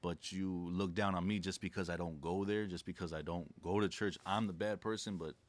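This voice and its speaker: A man's voice: deep voice, steady tone, a little fast. A young man speaking as a podcast guest, laid-back and reflective, telling stories in casual slang. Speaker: podcast guest, credit specialist. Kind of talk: casual conversation.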